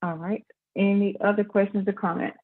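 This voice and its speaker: A woman leads an informal Bible class over a video call. She talks easily and plainly, in a folksy, unhurried way. Her voice comes through a narrow, phone-like line. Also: mid-range voice. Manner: folksy and conversational, with a relaxed dialect.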